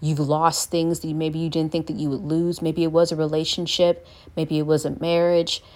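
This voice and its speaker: A woman's voice: low-pitched, flat delivery, moderate pace, a little mellow. A young woman giving an earnest Christian devotional talk, sometimes acting out the voices she quotes. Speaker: Christian speaker.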